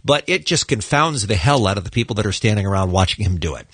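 A man hosting a morning radio show, running through clips in quick, jokey patter. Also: lowish voice, expressive, a bit bright, a little hiss or hum. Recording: dry studio mic.

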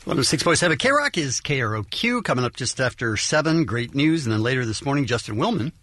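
A man co-hosting a radio morning show, trading dry quick reactions and reading station promos. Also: mid-range voice, very animated, sharp tone, soft background music. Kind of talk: casual radio banter and station announcements. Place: radio studio.

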